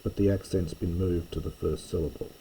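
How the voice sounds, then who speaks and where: An older man giving a slow, halting line-by-line lecture, pausing often with ums and restarts. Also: low voice, steady tone, dark tone, slight background noise, low-quality recording. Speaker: classics lecturer.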